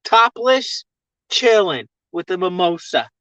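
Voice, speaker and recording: A man's voice: high voice, big pitch swings, takes it slowly, fairly bright tone, clean tone, no room sound. Rambling, profane man on a dull live stream. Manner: rambling, profane, laughs often. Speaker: livestreamer chatting with viewers. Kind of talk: casual live chat. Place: in a vehicle.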